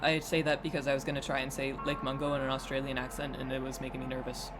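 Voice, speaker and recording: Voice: medium pitch, little pitch movement, fast. A streamer chatting casually while playing a game, rambling and self-deprecating, often trailing off and restarting sentences. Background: game music.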